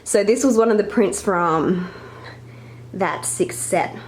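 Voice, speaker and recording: A woman's voice: medium pitch, slow, a little mellow. A young woman giving a chatty home tour as a vlogger, a bit out of breath and apologizing now and then. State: slightly out of breath. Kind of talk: casual home tour narration.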